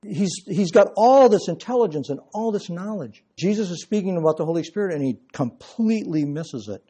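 A man's voice: high voice, lively intonation, brisk, warm tone, husky. A man preaching an expository sermon and explaining verse by verse with emphatic stress. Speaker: pastor.

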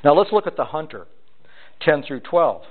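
Animated high-voiced preacher, tinny sound. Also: male voice, normal speed. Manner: animated, rhetorical questions to the congregation. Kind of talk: sermon.

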